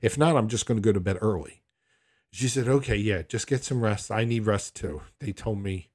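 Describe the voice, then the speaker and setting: Middle-aged male podcast host, lowish voice, candid and reflective storyteller. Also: a little mellow, breathy edge. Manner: reflective, candid, unhurried with frequent restarts. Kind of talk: personal storytelling.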